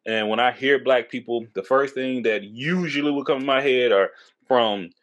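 A man from Texas in his thirties, hosting a podcast, talking politics in a loose, profane way and going high when he gets worked up, a little tipsy from drinking. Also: moderate pace, a bit bright, lo-fi sound. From Texas, USA. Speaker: podcast host. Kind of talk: casual political chat.

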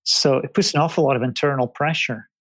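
A man, a guest on an interview podcast who tells lively stories and acts out other people's reactions. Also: medium pitch, brisk, no echo. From Scotland. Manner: animated storyteller, acts out clients' reactions. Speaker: guest, past-life reader. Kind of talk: casual interview chat.

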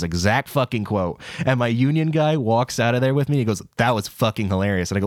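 His pitch swings widely as he talks a little fast with few pauses. A young man in college, he co-hosts a podcast and chats casually through a long story, swearing, laughing, and pitching his voice high in quotes. The studio-quality audio has no echo.

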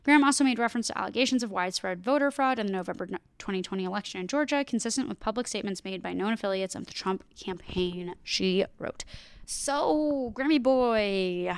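Chatty young woman with a smooth, dry voice. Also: mid-range voice, expressive, quick pace, dry recording. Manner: chatty, sarcastic asides, heavy "like" filler. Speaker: podcast co-host. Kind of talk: casual news commentary.

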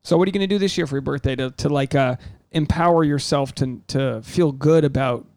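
Animated man in his thirties, dry sound. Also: brisk, no room sound. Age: 30s. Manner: animated storyteller, swears freely, acts out quotes in a higher voice. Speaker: podcast co-host. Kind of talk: casual chat. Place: home.

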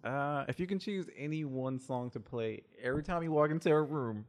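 A man's voice: on the high side, fairly quick, slight background noise. A man hosting a casual group chat, laughing often and keeping things moving. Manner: laughs often, upbeat filler words. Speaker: host. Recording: roomy hall reverb.

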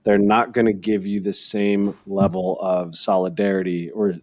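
Low-voiced man in earnest chat. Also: level tone, normal speed, darkish tone. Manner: rambling, restarts mid-thought, earnest. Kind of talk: casual political chat.

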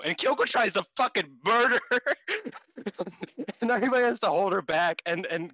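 A man co-hosting a podcast, chatting casually and excitably, laughing and swearing, his voice jumping up in disbelief. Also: high voice, brisk, pauses often, no room sound. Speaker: podcast co-host. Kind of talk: casual chat recapping wrestling.

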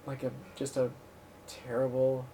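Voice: medium pitch, monotone, measured pace, dark tone, distant mic, slight background noise. A podcast host in a casual comedy chat, giggling often and trailing off mid-thought.

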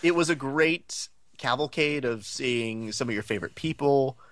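Co-hosting a podcast, this man speaks in a mid-range voice at a moderate pace, captured dry with clean studio sound. In casual conversation he tells stories animatedly, voicing the characters and their lines.

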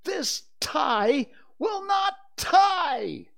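A man voicing a pompous, blustering father in a temper, yelling and turning sarcastic. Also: extremely high pitch, sing-song, very slow, gravelly, voice pushed up, full character voice. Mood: ranting.

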